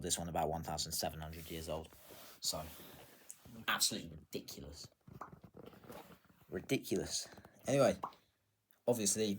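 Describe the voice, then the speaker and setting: A man casually showing his coin collection, chatty and self-deprecating, pausing to check dates. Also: sits low, slight background noise. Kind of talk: casual show-and-tell narration.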